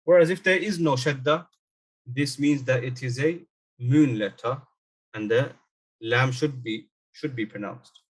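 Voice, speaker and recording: A man's voice: medium pitch, husky. Patient male Arabic teacher. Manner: patient, repeats example words slowly. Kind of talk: online language lesson.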